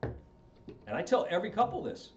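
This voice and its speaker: A man's voice: wildly swooping pitch, normal speed, darkish tone. A middle-aged man counseling an audience on marriage, casual and joking, asking them questions. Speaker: marriage counselor and wedding officiant. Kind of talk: talk to a live audience. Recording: roomy, distant and dull with faint rumble.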